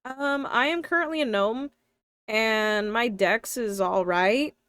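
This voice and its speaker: A woman's voice: on the high side, slow, fairly bright tone, clear, resonant tone, no echo. Young woman, slight lisp, chatty streamer, thinks aloud, dry close sound. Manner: chatty, thinks aloud, talks to her chat. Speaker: live streamer and tabletop player. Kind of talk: casual live-stream chat.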